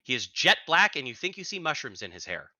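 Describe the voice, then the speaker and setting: A man narrating as game master in an animated, descriptive way. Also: a little high, brisk, dry recording.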